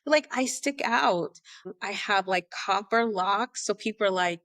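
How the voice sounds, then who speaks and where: A woman in her late thirties from Atlanta, now abroad in Spain, talks at a medium pitch and normal speed on a dry recording. She's a podcast guest in a casual interview, an animated storyteller who acts out the voices of the people she quotes.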